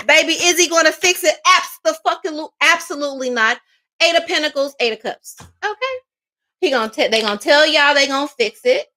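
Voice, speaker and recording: A woman's voice: high voice, brisk, pushed and bright. A woman doing a livestream tarot reading, talking in a sassy, emphatic way with laughs and mocking asides. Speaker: psychic tarot reader.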